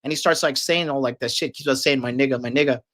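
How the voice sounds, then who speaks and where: A man's voice: mid-range voice, fast, fairly bright tone. A man telling a long, casual story, rambling and swearing heavily with lots of fillers. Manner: profane, rambling, filler-heavy.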